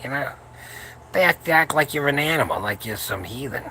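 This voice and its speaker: A man's voice: mid-range voice, lively intonation, a little fast, sharp tone, a little hiss or hum. A man in his seventies hosting a late-night livestream for his powerlifting channel, talking in a crude, rambling, joking way from home while his wife sleeps nearby. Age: 70s.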